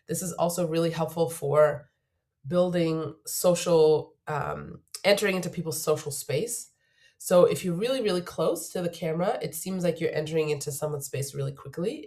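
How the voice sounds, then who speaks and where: A woman's voice: low-pitched, moderate pace, warm tone. Woman coach getting over a cold. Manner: earnest, emphatic, repeats key points. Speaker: job search coach. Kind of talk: to-camera advice video.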